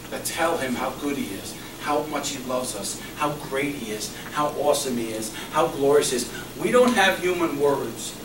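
A man preaching a sermon as a pastor, passionate, swinging between loud emphasis and hushed repetition. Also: a little high. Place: church hall. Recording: echoey room recorded from far off with background noise.

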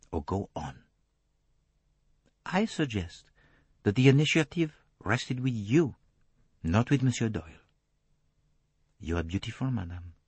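Man doing fastidious Belgian detective, measured and probing, slightly husky, dry close audiobook sound. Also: mid-range voice, dry recording, voice pushed up. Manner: precise, measured, courteously relentless. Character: fastidious middle-aged male Belgian detective, probing, gently insistent. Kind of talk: audiobook character reading.

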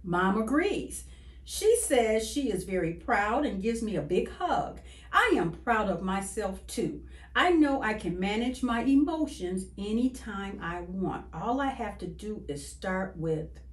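A woman reading a children's picture book aloud in an expressive, sing-song way. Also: mid-range voice, measured pace. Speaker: children's story reader. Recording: echoey room.

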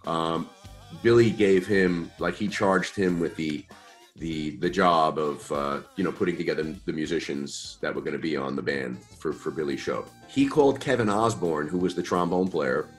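A man in his fifties from New York, telling stories as a guest in a casual interview, relaxed and chatty with slang and mild swearing. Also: very deep voice, moderate pace, soft background music. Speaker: guest musician.

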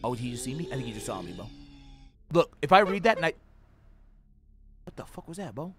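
A young man streaming a horror game, reacting loudly with swearing, sudden shouts and jokes at his chat. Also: medium pitch, quick pace, soft background music. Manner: loud, profane, excitable reactions with sudden shouts; trash-talking, joking with chat. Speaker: gaming streamer. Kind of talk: livestream gameplay commentary.

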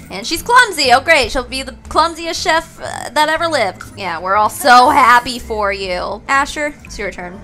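A woman hosting a gaming channel, giving animated let's-play commentary and swearing and exclaiming at the game. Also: fairly high pitch, normal speed, hardly any pauses, faint music behind.

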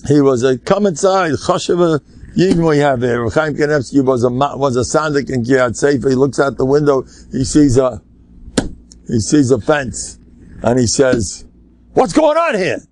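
An older man, a rabbi, giving an animated, rambling Torah lecture full of Yiddish and Hebrew terms. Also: mid-range voice, moderate pace.

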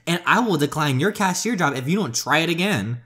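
A man's voice: a little high, a little slow, darkish tone, pitched above the performer's own voice, close to an everyday voice. A man voicing a spoiled, dramatic rich young woman who is entitled and indignant, reading aloud from a story game.

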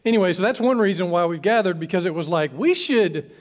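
A male pastor speaks to his church leaders in a loose, conversational way, circling back and restarting his phrases. His voice sits a bit high for a man. A long reverb trails each phrase around the large church hall. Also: lively intonation, brisk. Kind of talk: informal talk to church leaders.

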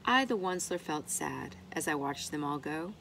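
A woman reading a rhyming picture book aloud in an expressive, rhythmic way. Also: deep voice, normal speed, creaky, a little hiss or hum. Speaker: storybook reader.

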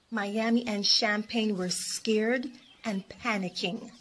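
A woman reading a children's story aloud in a clear, expressive way. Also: mid-range voice, slow, slight background noise.

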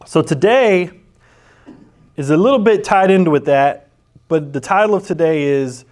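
Man, preacher, casual sermon, rambling with restarts, slightly high voice. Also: expressive, normal speed, darkish tone. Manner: rambling storyteller with frequent restarts. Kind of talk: conversational sermon.

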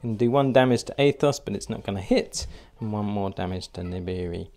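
A man's voice: fairly low pitch, a little fast, darkish tone. A man narrating a solo board game playthrough, thinking aloud and hesitating with fillers as he works out each move.

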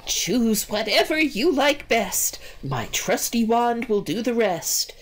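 A woman voicing an old, scheming witch who chants a rhyming spell, slow and sing-song. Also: a little high, sing-song, pitched above the performer's own voice, heavily acted. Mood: chanting.

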